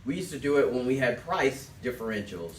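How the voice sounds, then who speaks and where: In an echoey room with a distant mic and a little hiss or hum, a sales trainer delivers a coaching talk, giving direct instructions and telling his class to write things down. His mid-range voice swings widely in pitch and moves a little fast.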